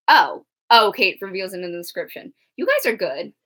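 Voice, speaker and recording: A woman's voice: medium pitch, expressive, moderate pace, sharp tone. Giggly young woman reading live chat. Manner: chatty, giggly, filler-heavy. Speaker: co-host. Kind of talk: live show discussion, reading chat comments.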